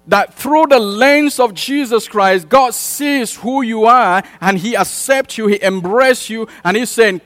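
A man's voice: extremely high pitch, a little slow, few pauses, a bit bright. A man preaching a sermon with an emphatic, repetitive cadence that rises in bursts. English is not his first language. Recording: long hall reverb with mains hum.

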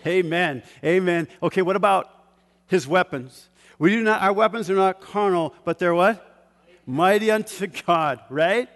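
A man's voice: sits high, measured pace. Older male preacher in a reverberant hall. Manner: call-and-response, asks the congregation to fill in words; chuckles often, shifts from loud to hushed. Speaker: pastor. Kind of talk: sermon.

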